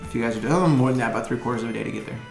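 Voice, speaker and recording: A man's voice: mid-range voice, racing, gravelly. A man narrating as dungeon master in a casual, laughing way. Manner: laughing, loose delivery. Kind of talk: casual tabletop game narration. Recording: echoey room with music behind.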